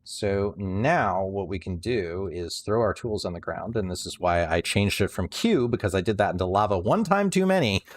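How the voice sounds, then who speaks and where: A man's voice: low voice, expressive, moderate pace, few pauses. A man livestreaming a building game, rambling casually with many restarts and some dry sarcasm.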